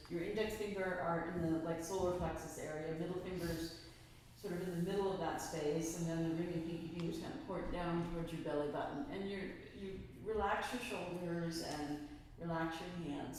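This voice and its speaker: A woman leads a yoga class in a calm, guiding way, her low voice carrying through a very echoey studio. She is picked up from a distance with instrumental music underneath. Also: noisy background. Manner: calm guiding, corrects students by name. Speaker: yoga teacher. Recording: roomy echo from far off, music.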